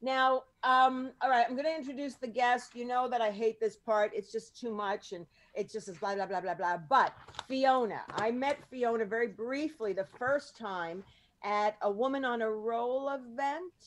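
Chatty higher-voiced woman hosting. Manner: chatty, lots of ums, quick asides. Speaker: podcast host and producer. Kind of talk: casual panel chat.

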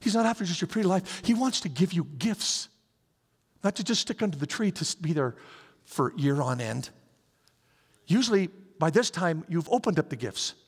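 A middle-aged man preaching a sermon in a lively, conversational way, acting out little scenes as he goes. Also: a little high, moderate pace, husky. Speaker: pastor. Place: church sanctuary. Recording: reverberant hall.

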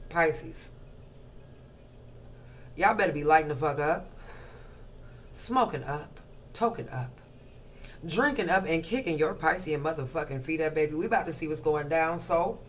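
A woman's voice: low voice, slight background noise. A woman giving a casual tarot reading to camera, brash, profane and slangy, rattling off rhythmic lists and smoking while she talks. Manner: smoking and crunching ice while talking. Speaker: tarot reader.

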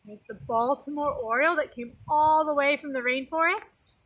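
A woman teaching young children in a video lesson, talking in a gentle, sing-song way that is exaggerated for little ones. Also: sits high, normal speed. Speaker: preschool teacher. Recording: noisy background.

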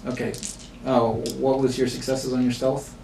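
A man running a tabletop game as game master, often pausing with fillers. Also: medium pitch, flat delivery, creaky, dark tone. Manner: halting, many fillers. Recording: echoey room, far mic, noisy.

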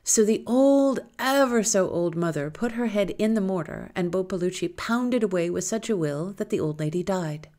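A woman reading a folktale aloud in a lilting, expressive storytelling manner. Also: mid-range voice, normal speed, hardly any pauses.

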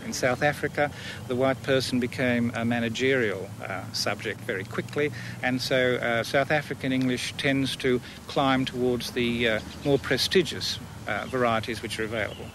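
A man explaining points as a linguist in an interview, thoughtful and pausing with fillers. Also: mid-range voice. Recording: noisy interview recording.

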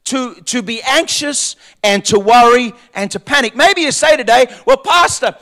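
High-voiced pastor preaching emphatically. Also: male voice, moderate pace. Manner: emphatic, repetitive preaching that swings between shouted lines and quiet asides. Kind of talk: sermon. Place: church.

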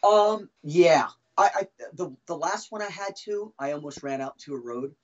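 Halting man with a higher voice. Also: lo-fi sound. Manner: halting, restarts often, animated storytelling. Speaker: guest, former band drummer. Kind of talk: casual podcast interview storytelling.

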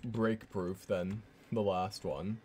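A man's voice: lowish voice, fairly even intonation, takes it slowly, mellow, slight background noise. A man streaming a game, giving casual, joking commentary and laughing often.

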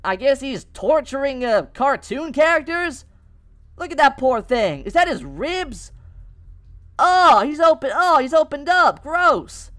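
A woman's voice: sits high, very animated, unhurried, a bit bright. A woman doing gameplay commentary, wondering aloud and sounding squeamish at what she finds. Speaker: let's player.

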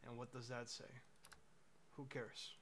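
A man's voice: mid-range voice, flat delivery, a little slow, background noise. A man streaming live, chatting casually in a rambling, laid-back way and swearing freely. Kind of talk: casual livestream chat.

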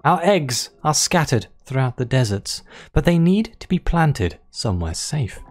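A game player voicing a gentle, motherly giant female creature queen from a video game, reading her lines with a cooing, doting manner. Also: medium pitch, sing-song, unhurried. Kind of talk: reading game dialogue aloud.

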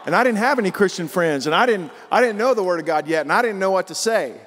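A man's voice: high voice, animated, quick pace, fairly bright tone, long reverb tail, a little hiss or hum. A man preaching a sermon as pastor, in a folksy, emphatic way full of rhetorical questions.

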